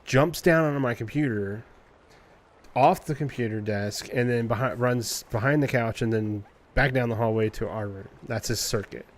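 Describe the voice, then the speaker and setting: A man streamer chatting casually, telling an animated story in a loose, profane way and imitating cat noises. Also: mid-range voice, moderate pace. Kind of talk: casual chat.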